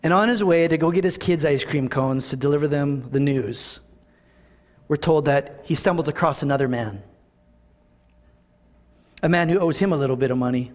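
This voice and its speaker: A man preaching a conversational, animated sermon as a pastor in a church, asking the congregation rhetorical questions. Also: fairly high pitch, moderate pace, pauses often. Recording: long reverb of a church hall.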